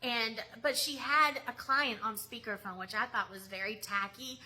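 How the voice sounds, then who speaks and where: A woman's voice: a little high, normal speed, sharp tone, low-quality recording. A woman who works as a mystery shopper, ranting in an emphatic, indignant way in a casual vlog.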